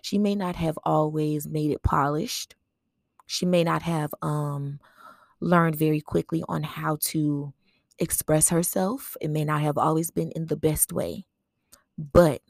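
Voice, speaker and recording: Low, gravelly woman reminiscing. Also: darkish tone, dry recording, studio quality. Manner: conversational, often ends thoughts with "right?"; reflective storytelling with fillers. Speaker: podcast host. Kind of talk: personal memorial monologue.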